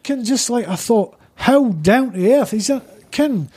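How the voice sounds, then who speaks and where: Husky Scottish man telling stories. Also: very high-pitched, unhurried. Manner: rambling, excited anecdote teller. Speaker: podcast guest. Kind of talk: casual storytelling chat.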